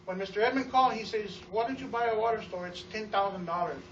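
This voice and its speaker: A man giving an energetic testimonial to a live audience about running his store, telling stories with acted-out quotes and often repeating words. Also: sits high, fast talker, a little hiss or hum. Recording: roomy, distant, dull sound.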